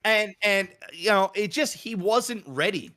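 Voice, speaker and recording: A man co-hosting a podcast in casual, profane chat, animated and acting out his reactions. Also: sits high, unhurried. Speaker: podcast co-host.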